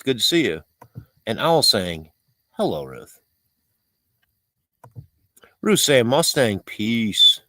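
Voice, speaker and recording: A man's voice: mid-range voice, a bit bright, no room sound. A middle-aged man chatting casually on a live stream while he cooks, reading viewer comments aloud and laughing often.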